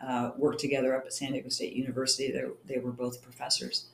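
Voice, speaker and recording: Speaking quickly and in a monotone, a middle-aged Californian woman uses a very deep voice with vocal fry. She's a champion cyclist and triathlete, chatting in a casual storytelling interview and acting out what people said in her stories, all captured with a roomy echo.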